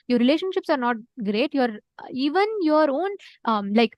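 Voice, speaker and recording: High-voiced woman telling a story in an online class. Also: normal speed, hardly any pauses, dry recording. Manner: animated storytelling with filler words; repeats words for emphasis. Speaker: spiritual teacher.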